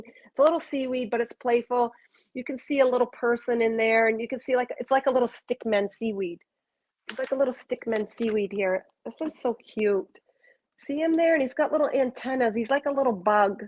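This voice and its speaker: A woman giving a live oracle card reading, talking softly and wandering between thoughts with gentle excitement. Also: fairly high pitch, rough recording. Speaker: card reader.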